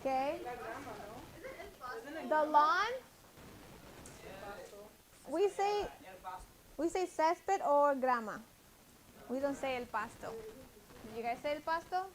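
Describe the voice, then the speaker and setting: A woman's voice: high voice, slow, long pauses. A woman teaching a classroom vocabulary lesson, patiently drilling words and correcting pronunciation. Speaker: Spanish teacher.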